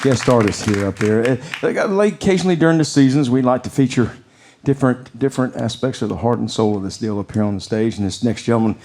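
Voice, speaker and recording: Male host, mid-pitched, rambling stage intro, crowd and noise audible. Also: fast, a little mellow. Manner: rambling with restarts. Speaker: show host.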